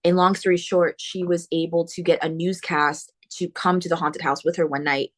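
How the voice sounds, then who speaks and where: A woman hosting a book podcast, retelling a horror novel's plot in a casual, animated way with slangy asides. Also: lowish voice, normal speed. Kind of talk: casual spoiler book talk.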